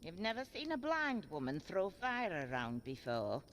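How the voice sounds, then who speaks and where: An actress playing a gruff old blind woman seer in a video game, blunt and wry. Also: fairly low pitch, huge pitch swings, normal speed, a little hiss or hum. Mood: knowing. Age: older. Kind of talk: game voice acting.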